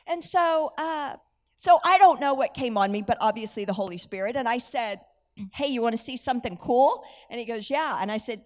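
A woman's voice: high-pitched, fairly quick. A woman with a slightly raised voice delivers a sermon as storytelling. She animates each exchange, acts out the dialogue and laughs at her own lines. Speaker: preacher.

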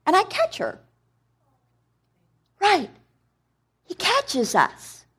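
A woman preacher giving a sermon in a conversational, animated way, asking the congregation questions. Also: very high-pitched, extremely slow. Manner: conversational, animated, quizzes the audience.

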